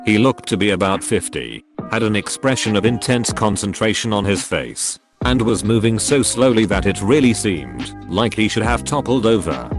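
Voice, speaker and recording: A man reading online stories aloud in an even, deliberate scripted narration. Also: on the low side. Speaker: story narrator. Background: background music.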